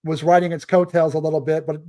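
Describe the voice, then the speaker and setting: Easygoing man with a mellow, slightly high voice. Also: level tone, quick pace. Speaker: podcast co-host. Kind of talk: casual film-review chat.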